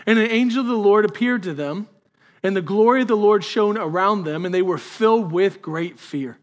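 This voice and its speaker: High-voiced pastor preaching with rising emphasis. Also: male voice, normal speed. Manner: conversational preaching, building to emphatic peaks. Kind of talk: sermon.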